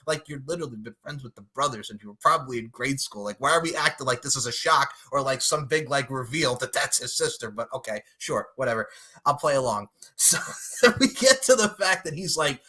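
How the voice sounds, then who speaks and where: A man's voice: mid-range voice, very animated, a little fast, bright, forceful tone, slightly rough. A young man on a podcast, casually recapping a movie with lots of swearing and acted-out character lines. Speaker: podcast co-host.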